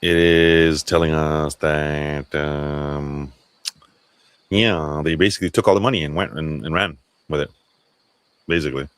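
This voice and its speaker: A man's voice: rumbling low, fairly even intonation, a little slow, long pauses, clear, resonant tone, no room sound. A man hosting a casual livestream chat, talking loosely with swearing and restarts. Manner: loose, profane, self-interrupting. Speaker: livestream host.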